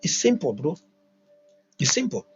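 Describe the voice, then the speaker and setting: A man's voice: fairly high pitch, sing-song, a little slow, faint music behind. A man giving a livestreamed motivational talk, emphatic and repetitive, asking lots of rhetorical questions. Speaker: motivational teacher. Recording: dull lo-fi recording.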